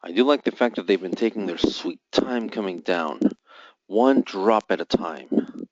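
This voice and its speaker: Low-voiced man taunting the market live. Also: measured pace, dry recording. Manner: mutters and taunts the market, reading off buy and sell volumes. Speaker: forex trader hosting a live forecasting room. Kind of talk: live trading commentary. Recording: dull, dry lo-fi sound.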